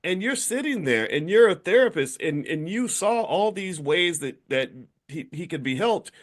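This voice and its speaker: A middle-aged man, the host and founder of a business school, leads a casual conversation in a high-pitched, very animated voice at normal speed. He rambles, with many restarts and fillers.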